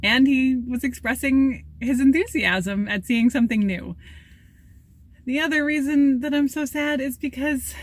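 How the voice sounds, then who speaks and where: A woman's voice: sits high, measured pace. A young woman filming herself for a casual travel vlog, chatty and upbeat, laughing often. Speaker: vlogger. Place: outdoors and in a cabin. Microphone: handheld camera, self-filming.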